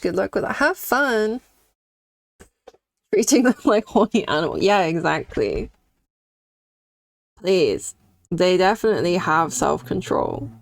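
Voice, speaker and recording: A woman's voice: fairly low pitch, gravelly, dry recording. A young woman streaming while she draws, chatting candidly and reacting to her chat. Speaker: streaming artist.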